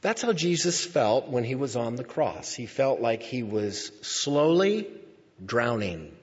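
A man preaching a sermon, reading scripture aloud and explaining it in a slow, deliberate way, stretching out key words for emphasis. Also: mid-range voice, big pitch swings, a little mellow, husky. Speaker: pastor. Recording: dull sound with long hall reverb.

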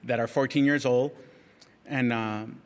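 A man's voice: medium pitch, fairly even intonation, unhurried. A middle-aged man giving a candid personal testimony at church, frank and self-mocking, chatty with frequent restarts. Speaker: church speaker sharing a testimony. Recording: long reverb of a large hall.

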